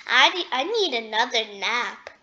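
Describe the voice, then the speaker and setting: A woman's voice: on the high side, lively intonation, unhurried, sharp tone, lo-fi sound. Woman doing a sleepy ticklish donkey. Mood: giggly. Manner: giggly, drowsy.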